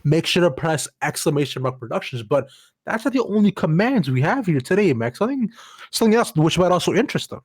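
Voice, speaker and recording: A man's voice: a little high, very animated, quick pace, husky, no echo. Playful man casting esports live. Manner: playful, rambling, upbeat. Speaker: esports caster.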